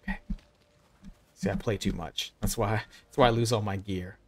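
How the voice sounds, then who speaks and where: A man's voice: lowish voice, steady tone, fairly quick. A man in his thirties with a Southern American accent, chatting casually to viewers while narrating his gameplay. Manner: chatty, talks to himself and to chat while playing. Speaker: game streamer. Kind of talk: live gameplay commentary.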